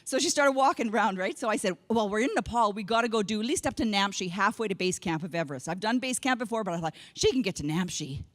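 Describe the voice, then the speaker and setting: A woman from Canada giving a humorous keynote speech, an animated storyteller who acts out what people said. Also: mid-range voice, quick pace, hardly any pauses, long reverb tail. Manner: animated storyteller acting out quotes. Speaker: keynote speaker. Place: large conference hall.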